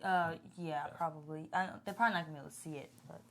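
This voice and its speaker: A woman's voice: deep voice, steady tone, racing, slight background noise. A woman co-hosting a casual podcast, chatting about a show with many fillers and laughs. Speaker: podcast co-host. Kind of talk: casual chat reviewing a show.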